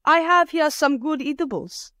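A woman reader puts on an unflappable peasant woman in a storybook, pitched brighter and higher than the narration. She sounds calm and matter-of-fact, stretching her words as she haggles. The recording is dry and close. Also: moderate pace, no room sound. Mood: calm, shrewd.

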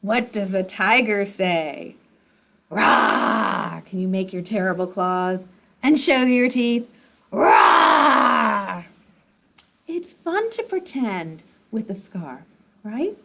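A woman hosting a children's sing-along activity lesson, who talks slowly and encouragingly, straight to young children at home. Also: mid-range voice, animated. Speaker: children's program host.

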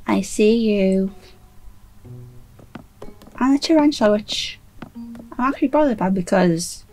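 A woman's voice: mid-range voice, expressive, measured pace, a little mellow, faint music behind, low-quality recording. A woman casually commenting while playing a video game, chatty and self-mocking, still a bit sleepy. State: sleepy, trying not to yawn. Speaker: gaming YouTuber.

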